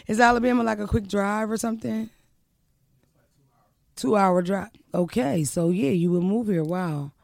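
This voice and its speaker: Brief: woman comic hosting a podcast, loud and profane, gravelly tone, dry close mic. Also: medium pitch, normal speed, pauses often, no echo. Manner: loud, profane, animated banter. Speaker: podcast host and comedian. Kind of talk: casual podcast chat.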